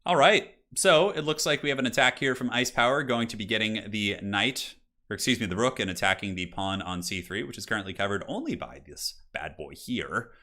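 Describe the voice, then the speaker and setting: A man's voice: fairly low pitch, expressive, a little fast, bright, forceful tone. A man casually commentating a chess match on a live stream, chatty and jokey, answering chat and swearing now and then. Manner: loose fillers, swears casually.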